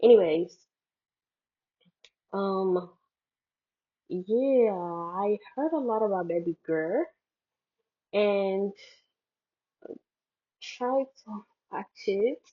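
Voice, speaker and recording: A young woman chats slowly and loosely, her husky voice drifting through fillers and self-mocking jokes. The sound is thin and phone-like, as if coming through a cheap headphone mic. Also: expressive. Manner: rambling, filler-heavy, jokey and self-mocking. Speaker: vlogger. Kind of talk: casual chat. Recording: tinny low-quality headphone mic.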